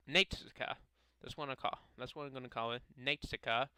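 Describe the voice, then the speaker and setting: A man reading a visual novel aloud in a casual playthrough, halting and stumbling over names as he corrects himself. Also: medium pitch, fairly even intonation, pushed and bright, clean tone, no room sound, rough recording. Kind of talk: casual game playthrough narration.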